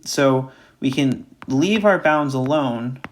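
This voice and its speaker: A man's voice: mid-range voice, expressive, slow. Male math instructor, mid-range voice, recorded lecture, methodical and repetitive. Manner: talks through steps aloud, repeats key points.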